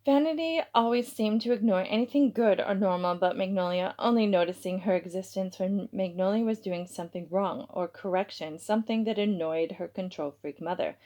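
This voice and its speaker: A woman's voice: medium pitch, fairly quick, few pauses, dark tone. A woman reading her own novel aloud in an unpolished way, with slips and self-corrections. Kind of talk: audiobook reading.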